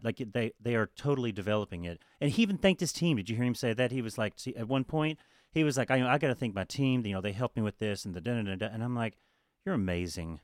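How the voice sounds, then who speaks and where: A man's voice: on the low side, no room sound, studio quality. A man co-hosting a podcast, chatting casually and animatedly, swearing now and then and laughing often. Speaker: podcast co-host. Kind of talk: casual chat.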